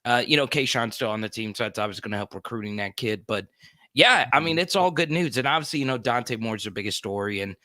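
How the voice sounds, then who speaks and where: A man co-hosting a sports talk show, talking in an upbeat, quick way with frequent restarts. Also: medium pitch, expressive, pushed and bright, no room sound, clean studio sound.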